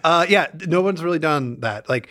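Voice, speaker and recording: A man's voice: a little high, animated, moderate pace, fairly bright tone. A man co-hosting a casual tech podcast, rambling through many fillers with a wry tone. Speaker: podcast co-host.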